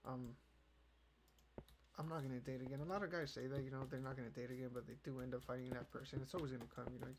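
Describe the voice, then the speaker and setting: A man's voice: mid-range voice, fairly even intonation, fast. A young man hosting a casual podcast, rambling and swearing, with "you know" in nearly every line. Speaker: podcast host. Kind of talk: casual chat. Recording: keyboard clicks and noise behind.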